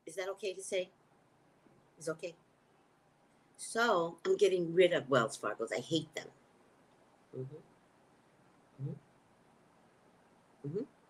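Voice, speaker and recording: A woman's voice: fairly low pitch, takes it slowly, long pauses, slightly rough. A woman hosting a casual livestream, chatting back to viewer comments. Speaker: livestream host and psychic reader.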